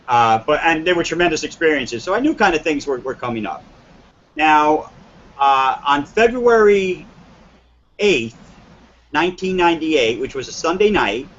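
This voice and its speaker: A man's voice: mid-range voice, fairly bright tone, dull audio, a little hiss or hum. A man from northern New Jersey telling his story on a live stream, earnest and rambling, acting out quoted dialogue with many restarts.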